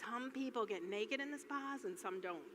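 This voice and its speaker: Bright-voiced chatty woman in a hall. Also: a little high, moderate pace. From Michigan, USA. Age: middle-aged. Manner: rambling, chatty, laughs often, keeps saying "anyway". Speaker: speaker at a business event. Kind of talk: casual storytelling talk to a live audience. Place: large hall before an audience. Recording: echoey hall, faint noise.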